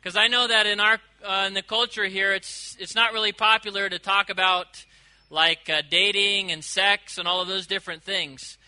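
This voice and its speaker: A man delivers a sermon in a high, very bright voice. He preaches with animation, swinging between loud emphasis and quiet asides. He stretches out quoted lines slowly. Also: little pitch movement, low-quality recording. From United States. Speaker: pastor.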